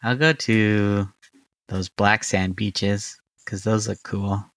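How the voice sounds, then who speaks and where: A man from Arizona co-hosting a podcast, chatting casually with a dry, deadpan humor. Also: fairly low pitch, slow, dry recording. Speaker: podcast co-host. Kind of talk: casual chat.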